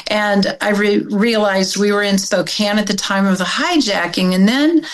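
A middle-aged woman from Oregon recounts a family memory as an interview guest. She speaks at a middle pitch in a conversational way. She voices the people she quotes with animated energy. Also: normal speed, poor audio. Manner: animated, acts out quoted dialogue. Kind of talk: personal storytelling in an interview.

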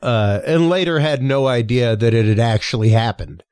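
A man's voice: mid-range voice, animated, moderate pace, a little mellow, clear, resonant tone, no echo, studio quality. A man hosting a casual interview, asking questions hesitantly and searching for words. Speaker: podcast host.

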